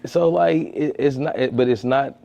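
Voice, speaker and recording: A man's voice: moderate pace, vocal fry, highs cut off. A man, a comedian, chatting casually in a podcast interview, telling stories and acting out quotes with frequent restarts. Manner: animated storyteller, acts out quotes in a high voice, many restarts. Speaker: comedian and street-interview content creator. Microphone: podcast studio mic.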